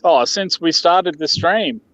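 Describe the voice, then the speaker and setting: A man's voice: on the high side, lively intonation, slow, a bit bright. A man with an Australian accent, joking and laughing in a casual live stream chat. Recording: dull dry lo-fi sound.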